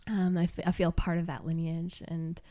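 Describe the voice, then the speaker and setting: Rambling, laughing woman with lower voice. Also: monotone, normal speed. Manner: rambling, heavy use of "like" and "um"; breaks into soft laughs. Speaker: podcast guest, yoga teacher. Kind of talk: casual storytelling.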